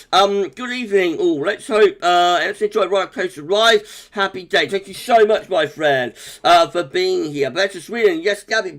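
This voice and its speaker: High-voiced guy hosting a weather livestream, chatty and upbeat, reading out viewer names. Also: a bit bright. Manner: chatty and upbeat, greeting viewers by name in quick bursts. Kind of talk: casual live-stream chat, reading out viewer comments.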